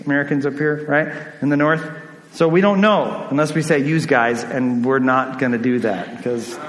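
A man preaching a sermon as a pastor, earnest, often checking in with "right?". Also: on the high side. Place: church sanctuary. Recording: echoey reverberant church hall.

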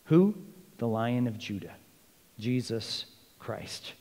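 A man preaching a sermon as pastor, animated, acting out the voices of the people he quotes. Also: medium pitch, slow pace. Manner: animated, acts out quoted speech. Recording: long reverb of a large hall.

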